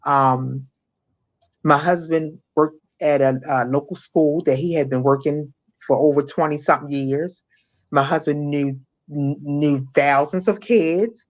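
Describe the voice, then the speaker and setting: A middle-aged woman from Maryland giving an emotional personal testimony as an interview guest, halting, repeating words and acting out what others said. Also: low voice, steady tone. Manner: halting, repeats words, acts out quoted voices. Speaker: guest, shooting survivor.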